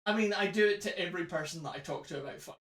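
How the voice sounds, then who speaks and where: A man's voice: high voice, rapid-fire, far from the mic. A man co-hosting a comic live reading of a novel, playful and laughing between passages. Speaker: co-host reading a novel aloud. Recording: roomy echo.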